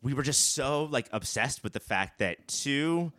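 A man's voice: medium pitch, animated, a little slow, fairly bright tone, no room sound, studio quality. A man co-hosting a casual movie podcast, rambling with many fillers. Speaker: podcast co-host.

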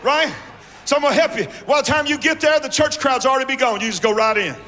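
Male guest preacher, very high, bright voice, fiery call-and-response delivery, long church reverb with music underneath. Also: fast talker. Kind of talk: sermon. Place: large church hall.

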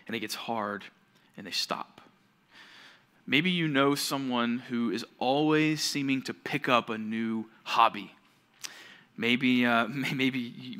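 A young adult man preaching a sermon to junior high students as their youth pastor, telling stories and acting out the voices of the people in them. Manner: animated storytelling that acts out quoted voices.

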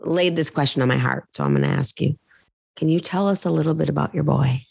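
A woman hosting an interview, asking questions in a gentle, thoughtful way. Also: sits low, a little fast, vocal fry, husky, no echo. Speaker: podcast host.

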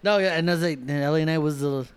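A young man co-hosting a wrestling podcast, animated and quick to swear and laugh. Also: fairly high pitch, clear, resonant tone. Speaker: podcast co-host. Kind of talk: casual wrestling recap chat.

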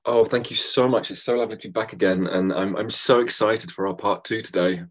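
A man talking casually as a podcast guest, gentle and chatty. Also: lowish voice, steady tone, a little fast. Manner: gentle, chatty, laughs easily. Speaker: guest, law of attraction and yoga teacher. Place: studio.

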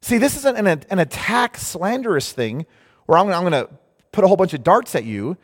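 Animated high-voiced preacher in a hall. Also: male voice, normal speed. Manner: animated, mocking voices in quotes. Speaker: pastor. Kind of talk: sermon. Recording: long hall reverb.

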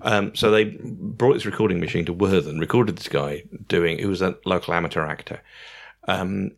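A man with an English accent, a radio presenter telling stories in a rambling, casual way with many pauses and restarts. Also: low-pitched, gravelly. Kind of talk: casual podcast chat.

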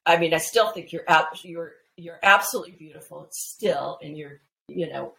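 A woman guest telling family anecdotes in a casual, animated way, full of restarts and fillers. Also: deep voice, normal speed, creaky, slight background noise, poor audio. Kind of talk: casual storytelling chat.

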